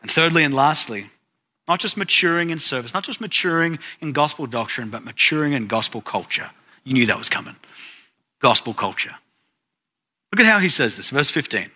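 Bright-voiced man preaching. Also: fairly high pitch, lively intonation, fairly quick. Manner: storytelling with dramatic rises and drops. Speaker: pastor. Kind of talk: sermon.

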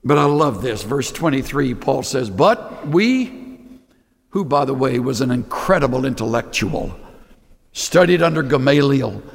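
A man preaching a sermon to his congregation, emphatic and animated, acting out little scenes as he goes. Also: medium pitch, gravelly. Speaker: pastor. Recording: long reverb of a large hall.

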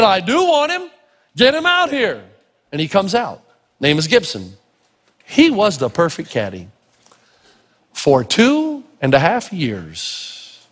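A man from Tennessee preaching a sermon, telling folksy, humorous stories in an animated way. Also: a little high. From Tennessee, United States. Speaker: pastor. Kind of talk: sermon with storytelling. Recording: echoey hall.

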